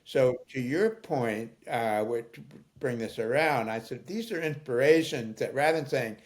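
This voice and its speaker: An older man speaking as an interview guest, telling stories in a thoughtful, halting way with many fillers. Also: medium pitch. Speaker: guest, founder of an aging nonprofit. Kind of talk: conversational storytelling interview.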